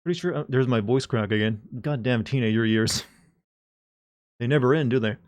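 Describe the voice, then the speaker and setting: A man's voice: medium pitch, normal speed. Rambling joking male streamer. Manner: joking, rambling, talks to chat. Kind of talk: casual live-stream chat.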